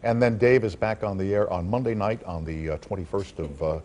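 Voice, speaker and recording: A man's voice: on the low side, darkish tone, a little hiss or hum. A man hosting a late-night backstage talk show who stammers and teases his guest. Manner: halting, stammers, ribbing the guest.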